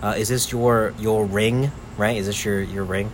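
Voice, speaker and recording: A man putting on a young woman running a street scam, coaxing and smooth-talking. The voice stays close to his own low, casual tone. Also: steady tone, normal speed, a little hiss or hum, lightly acted.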